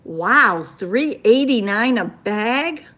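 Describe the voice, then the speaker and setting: A woman's voice: fairly high pitch, expressive, slow, fairly bright tone. An older woman from Maine with a Maine accent, casually chatting on a phone livestream, reading viewer comments and telling stories. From Maine, USA. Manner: chatty storytelling, reacting to comments.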